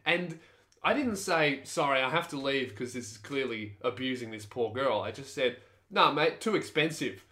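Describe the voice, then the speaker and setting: A man's voice: medium pitch, normal speed, bright, forceful tone. An Australian man co-hosting a casual comedy podcast, telling crude travel stories and acting out the lines of the people in them. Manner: crude, storytelling, acts out quotes. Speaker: podcast co-host.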